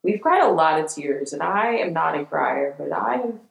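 A woman's voice: sits low, lively intonation, normal speed, vocal fry, roomy sound, poor audio. A woman co-hosting a podcast in casual chat, earnest and emotional, drifting between tears and laughter. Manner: earnest, tearful and laughing in turns. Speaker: podcast co-host.

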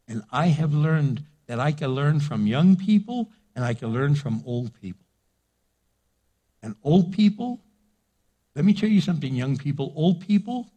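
An older man preaching a sermon, lively and conversational, acting out little exchanges between people. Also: mid-range voice. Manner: animated preaching with acted-out dialogue. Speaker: pastor.

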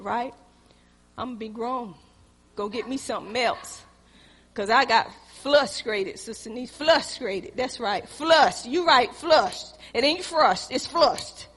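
A woman preacher delivering a sermon in storytelling style, swinging between loud exhortation and quiet asides, recorded in a church. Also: fairly high pitch, slightly rough, big-room sound.

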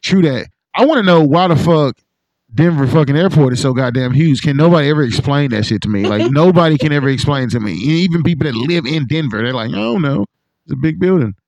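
A man's voice: on the high side, lively intonation, fast, darkish tone, no room sound, low-quality recording. A man hosting a podcast in casual chat, rambling and swearing with lots of "like". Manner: rambling, profane, heavy use of "like". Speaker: podcast host.

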